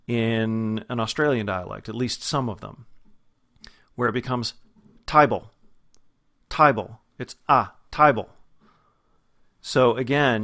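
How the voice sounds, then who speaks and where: A man with a fairly low voice coaches dialects in a spoken lesson. He explains each point with care and models the same vowel sounds slowly, again and again. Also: a bit bright.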